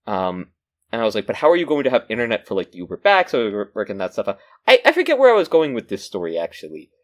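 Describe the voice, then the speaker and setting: A male podcast co-host telling a rambling story in casual chat. His pitch rises and falls with lively swings, and his speed keeps shifting between fast bursts of words and drawn-out slow stretches. He is talking over a remote call mic.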